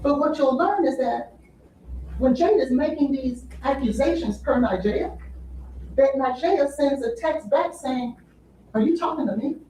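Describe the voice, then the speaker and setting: A woman acting as defense attorney delivers a courtroom opening statement, emphatically repeating "you'll hear" to the jury. Her voice is high and mellow at a measured pace, and the echoey courtroom audio, captured from far off, carries slight background noise.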